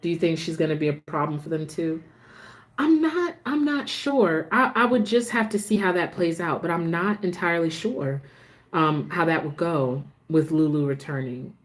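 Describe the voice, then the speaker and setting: Low-voiced woman chatting about soap episodes. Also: animated, moderate pace. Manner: chatty, restarts sentences, gets emotional about the show. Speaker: soap opera recap host. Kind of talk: casual chat.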